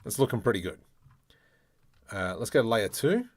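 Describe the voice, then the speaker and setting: A man demonstrating 3D modeling software, thinking aloud in a playful way and muttering keyboard shortcuts and mild exclamations as he works. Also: on the low side, sing-song, normal speed, no echo. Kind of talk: screen-recorded software tutorial, thinking aloud.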